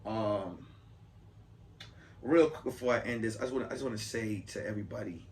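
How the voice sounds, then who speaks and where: A man's voice: lowish voice, brisk, a little mellow, a little hiss or hum. A man hosting a podcast as a comedian, giving profane, emphatic, rambling advice in a comic monologue.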